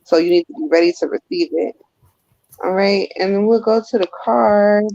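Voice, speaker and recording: A woman psychic medium giving a live-stream spirit reading, gentle and casual. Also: mid-range voice, moderate pace, vocal fry, dry recording. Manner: emotional, gentle, casual colloquial. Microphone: phone. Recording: dull muffled phone audio.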